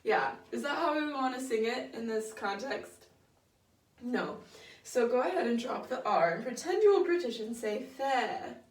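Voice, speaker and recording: A young woman directs a women's choir rehearsal, explaining singing technique in a patient, encouraging way that's full of filler words. Her slightly high voice is animated and moves at a normal pace. The recording picks her up from far off in a room with a lot of echo.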